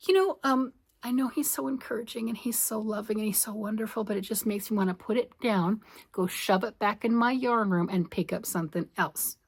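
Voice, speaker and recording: A woman's voice: mid-range voice, fairly quick, slightly rough. A middle-aged woman chatting casually to camera about her crafts from her home, bubbly and self-deprecating. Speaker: crafting vlogger.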